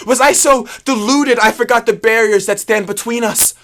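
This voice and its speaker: A man's voice: very high-pitched, normal speed, sharp tone, slight background noise. A man playing a brooding young prince. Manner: brooding, earnest, often subdued. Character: young prince torn by forbidden love. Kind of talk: stage drama acting.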